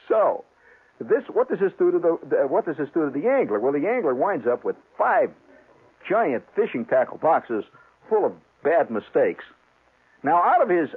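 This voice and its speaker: A man telling a rambling, humorous fishing story on the radio, jumping up and down in pitch as he gets worked up. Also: breathy edge. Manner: rambling, animated, restarts, chuckles. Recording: tinny, phone-like old radio sound.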